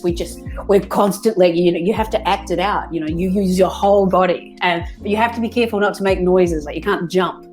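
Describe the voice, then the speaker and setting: A woman's voice: fairly low pitch, darkish tone. A woman, chatting as a guest voice actress on a video-call interview, laughing often.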